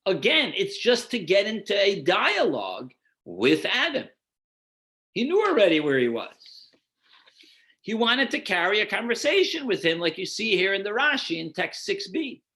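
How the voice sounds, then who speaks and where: In this Torah class, a rabbi lectures to explain, guiding listeners through numbered texts while asking and answering his own rhetorical questions. His voice sits high with big swings in pitch, sounding pushed and bright at a normal pace.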